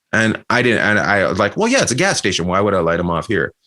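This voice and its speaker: A man from Canada, a comedian guest, telling animated anecdotes in a casual chat, laughing and restarting often. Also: fairly low pitch, fairly quick.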